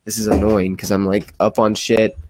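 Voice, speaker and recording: A man's voice: lowish voice, level tone, normal speed, background noise. Profane, rambling male podcast host. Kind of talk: casual podcast chat with sponsor read.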